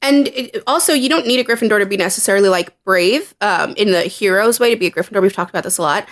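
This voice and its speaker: A woman's voice: medium pitch, quick pace, fairly bright tone. A woman co-hosting a podcast in casual chat, emphatic and analytical. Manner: emphatic, analytical, acts out quotes. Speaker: podcast co-host.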